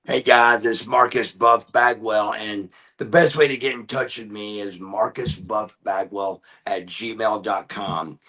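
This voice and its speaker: A man in his fifties talks as a guest in a casual interview. His voice sits fairly low, and he rambles loosely from one point to the next. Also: fairly even intonation, unhurried, few pauses, sharp tone. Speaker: guest, former pro wrestler.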